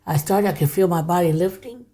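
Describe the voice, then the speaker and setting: Speaking fairly quickly in a fairly low register, this older woman is a guest on a podcast. She relates something from her own life in a relaxed way, keeping her voice hushed and frequently dropping almost to a whisper.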